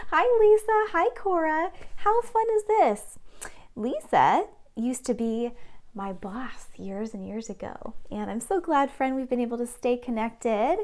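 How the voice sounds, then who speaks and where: A woman hosting a casual live stream from her piano studio, chatting with viewers and reading their comments aloud. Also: a little high. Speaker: host.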